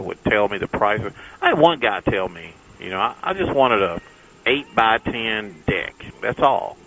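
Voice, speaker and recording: Riding his bike down the freeway, a man from Texas chats with viewers in a friendly, folksy way. His medium-pitched voice is a bit bright, and the low-quality recording carries a little hiss or hum.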